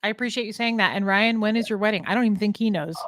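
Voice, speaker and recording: A woman's voice: medium pitch, rapid-fire, no echo. Casting: woman host, easygoing chat, dry close sound. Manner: conversational, laughing easily. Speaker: livestream host. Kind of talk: casual livestream chat.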